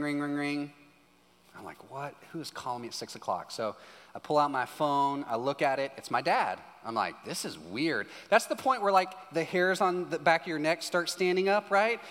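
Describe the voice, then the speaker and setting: A man preaching a sermon as a pastor, telling a story with lively acted-out dialogue. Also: medium pitch. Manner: animated storytelling, acting out dialogue. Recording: hall reverb with faint music.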